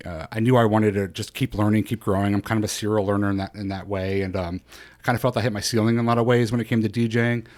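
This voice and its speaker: A middle-aged man as a podcast guest, telling his life story in an animated way with many fillers and restarts. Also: lowish voice, fast. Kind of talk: casual interview storytelling.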